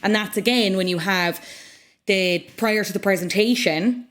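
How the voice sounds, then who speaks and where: Woman, podcast co-host, mid-pitched voice, animated and self-mocking. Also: moderate pace. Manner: animated, jokey, self-deprecating. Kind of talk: casual recap chat.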